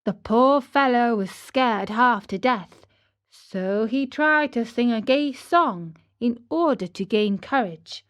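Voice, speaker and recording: A woman reading a fairy tale aloud clearly and deliberately for English learners. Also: a little high, lively intonation. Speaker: storyteller.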